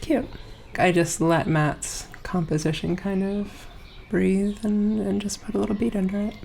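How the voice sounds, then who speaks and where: A woman songwriter chatting casually in a relaxed, matter-of-fact way. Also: mid-range voice, a little slow, gravelly, over music. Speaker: songwriter and producer. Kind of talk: casual chat.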